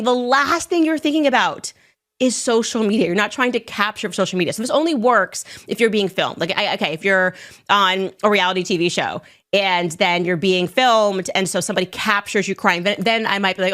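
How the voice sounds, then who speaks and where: A woman's voice: mid-range voice, a bit bright. Woman doing a commentary podcast, chatty and sarcastic, lots of likes. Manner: casual, sarcastic, many fillers. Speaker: podcast host. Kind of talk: political commentary.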